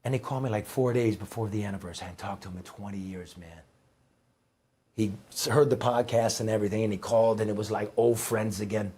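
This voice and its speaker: He's a middle-aged guest and former newspaper reporter whose voice sits on the low side, mellow and husky, with a steady tone and a fast delivery. His heartfelt stories come out in a rambling, emphatic, conversational way.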